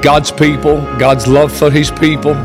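A man preaching to a church, joking and animated, laughing often and rising almost to a shout. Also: on the high side, unhurried. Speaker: visiting missionary preacher. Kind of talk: sermon, casual and joking. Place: large church hall. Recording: live church hall with reverb and faint music.

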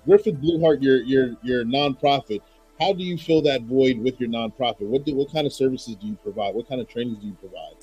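Husky man asking thoughtful questions. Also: medium pitch, a little fast, dark tone, highs cut off, soft background music. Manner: thoughtful, with hesitant restarts. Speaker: host. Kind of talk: interview questions.

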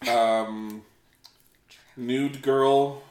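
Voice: medium pitch, fairly even intonation, drawn-out words, darkish tone. Podcast co-host reading clues, roomy sound. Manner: reads keyword lists with frequent ums. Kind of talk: casual game chat.

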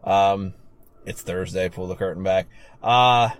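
A man's voice: sits low, a little slow, over a noisy crowd. A man co-hosting a casual wrestling podcast, laid-back, often chuckling, running through numbers. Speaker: podcast co-host.

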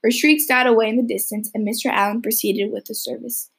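Breathy young woman reading a novel aloud. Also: fairly high pitch, steady tone, fast talker. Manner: occasional slips and restarts. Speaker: audiobook reader.

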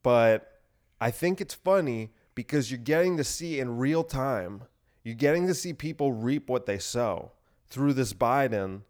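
A man's voice: medium pitch, animated, measured pace, a little mellow. Young male host ranting sarcastically on his own show, swearing freely, filler-heavy, mid-range voice. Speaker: podcast host. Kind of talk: solo rant.

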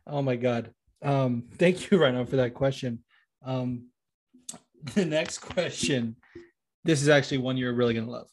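A man hosting a podcast in casual, animated chat, often laughing and swearing. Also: mid-range voice, unhurried, long pauses, no room sound. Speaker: podcast host.

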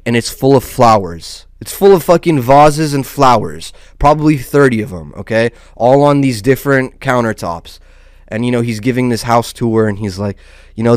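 A man riffing in casual, profanity-laced commentary, rambling and restarting his sentences as he goes. His voice comes through smooth and resonant, recorded dry and close with no room sound. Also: mid-range voice, dry recording. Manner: rambling, loose, with frequent restarts and "dude". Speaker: host of a small online channel.

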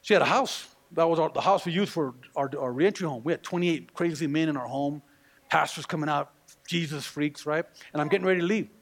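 A man preaching a sermon in a church, his voice sitting high for a man and carrying a gravelly edge. He talks in an animated way, acting out the voices he quotes and throwing questions back at the congregation. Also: a little fast. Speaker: pastor.

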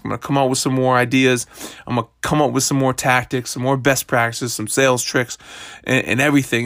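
A man's voice: mid-range voice, vocal fry, a bit bright, no room sound, clean studio sound. Blunt, rambling male podcast host. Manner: blunt, rambling, swears freely. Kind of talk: casual motivational monologue.

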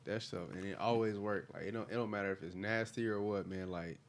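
A man's voice: lowish voice, fairly even intonation, fairly quick. A man co-hosting a casual podcast, talking in an emphatic way. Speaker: podcast co-host. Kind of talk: casual chat.

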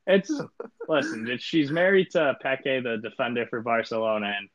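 A man's voice: medium pitch, moderate pace, no room sound, highs cut off. Laid-back man rambling about sports picks. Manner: laid-back, rambling with many fillers, deadpan joking. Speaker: podcast co-host. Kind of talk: casual sports podcast chat.

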